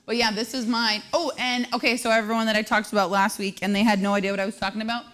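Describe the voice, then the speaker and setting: A woman's voice: medium pitch, a bit bright. Female host, 30s, casual live-stream chat, self-deprecating humor. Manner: self-deprecating, joking, laughs often.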